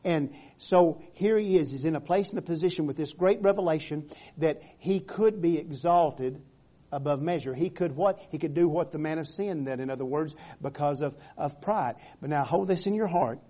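Guy preaching a sermon, kinda high voice but mellow, repeats himself, stretches out the big lines. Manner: rising in volume when reading scripture, drawn-out emphatic phrases; repeats words as he builds up to a point.

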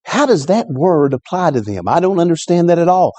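A man preaching a sermon as a pastor, fervent and repetitive, often rising sharply in pitch when he stresses a point. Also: sing-song, fairly quick, warm tone, no room sound. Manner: fervent, repeats words, rises in pitch on exclamations. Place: church service.

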